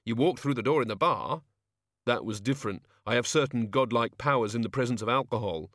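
A man's voice: mid-range voice, a little fast, a bit bright, no echo, clean studio sound, natural voice. A man doing a nervous fussy little god.

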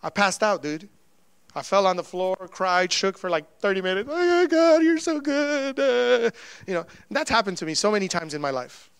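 A male pastor preaching a sermon, telling personal stories in a lively way and acting out the dialogue in them. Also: high voice, brisk, clean tone, no echo. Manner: animated storytelling, acting out quoted dialogue.

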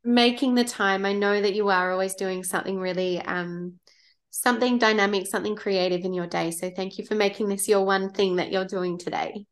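A woman's voice: medium pitch, fairly even intonation, fairly quick. A woman hosting a podcast, asking questions and encouraging her guest in a friendly, affirming way. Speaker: podcast host. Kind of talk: casual interview chat.

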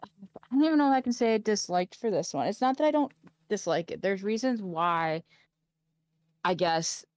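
A woman chats casually on a podcast, hedging and hesitating as she searches for what to say. Her pitch is middling, and the recording is dry and close. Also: animated, moderate pace, pauses often, darkish tone, no echo. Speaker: podcast co-host. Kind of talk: casual chat.

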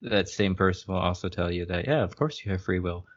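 On a muffled lo-fi recording, a man with a low voice reads from a book fairly quickly. He co-hosts a casual podcast, and he keeps laughing at the passage and cracking wry remarks about it.

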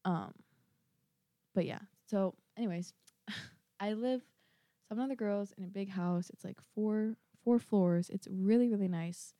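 A woman's voice: mid-range voice, a little slow, warm tone, no echo, studio quality. A young woman from Minnesota chatting casually about college life, rambling with lots of fillers. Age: young adult. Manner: rambling, filler-heavy, self-deprecating. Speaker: college student vlogger. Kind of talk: casual chat.

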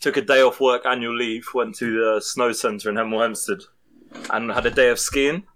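A man's voice: mid-range voice, fairly even intonation, normal speed, a bit bright. A young man, a podcast co-host animatedly telling a story among friends, swearing and laughing as he goes.

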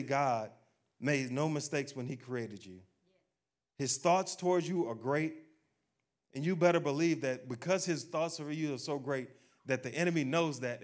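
A pastor preaches a sermon straight to his congregation. In a low, quiet voice, he acts out the doubts people have.

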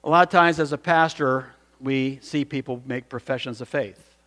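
A man's voice: medium pitch, moderate pace, a bit bright. Man, pastor, sermon, earnest storytelling, restarts, long reverb.

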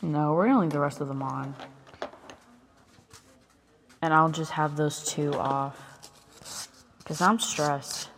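A woman's voice: sits low, slow, long pauses, in a large hall, a little hiss or hum. A woman in her twenties chatting casually into a close ASMR mic, rambling with lots of fillers and swearing, sometimes dropping to a whisper. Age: 20s. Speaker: ASMR creator.

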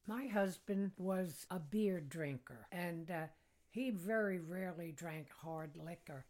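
An older American woman tells rambling personal stories as a podcast guest. Her voice sits low for a woman, and she chuckles at her own jokes as she goes. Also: takes it slowly, darkish tone. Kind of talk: casual storytelling.

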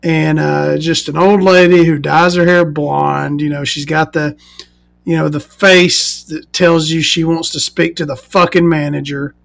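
A woman's voice: low voice, steady tone, unhurried, vocal fry. A woman vlogger telling a story in a casual rant, sarcastic, profane and mocking.

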